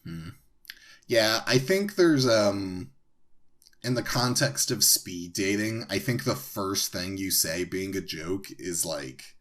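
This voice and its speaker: A man's voice: lowish voice, animated, slow, fairly bright tone. A man co-hosting a podcast in casual chat, hesitant and dry, unimpressed by puns. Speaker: podcast co-host.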